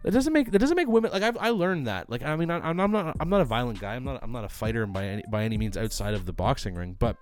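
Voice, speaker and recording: Animated, lively-pitched young man ranting. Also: fast, hardly any pauses, soft background music. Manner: animated, swearing, acts out quotes. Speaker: podcast co-host. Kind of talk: casual banter.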